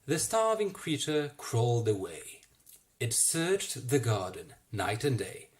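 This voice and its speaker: A stage actor reads a rhyming storybook slowly and with relish. The pitch rises and falls dramatically across each couplet. It is an unhurried, performed delivery for children. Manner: theatrical, slow and expressive. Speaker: theatre actor. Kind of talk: storybook reading in verse. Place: home, self-recorded.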